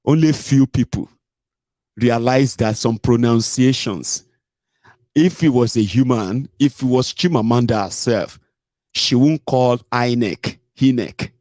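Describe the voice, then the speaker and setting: A man's voice: medium pitch, unhurried, warm tone, dry recording, studio quality. A Nigerian man hosting a casual livestream, chatty, mixing in pidgin and frequent "eh" and "omo". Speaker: host.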